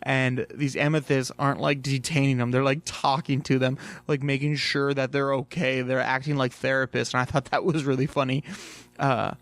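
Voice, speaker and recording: Junger Mann, lockere Serienkritik, trockener Raum. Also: male voice, mid-range voice, level tone, normal speed, fairly bright tone, dry recording. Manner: rambling, filler-heavy, swears freely. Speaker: TV episode reviewer. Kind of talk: casual spoken review.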